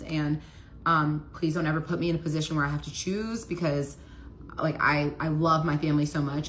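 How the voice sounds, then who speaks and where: A young woman with a low voice casually tells a personal story, her speech heavy with "like" fillers. There's a little hiss or hum in the background.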